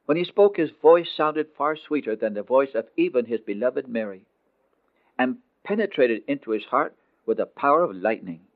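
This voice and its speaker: A man narrating a dramatic story in a scripted, expressive way, slowing down on emotional phrases. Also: medium pitch. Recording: tinny phone-like dry recording.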